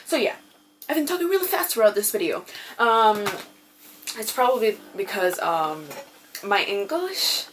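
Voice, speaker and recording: A woman's voice: mid-range voice, very animated, a little slow, slight background noise. A young woman vlogging in a casual, chatty way, full of ums and casual swearing. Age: young adult. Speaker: beauty vlogger. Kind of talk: casual chat.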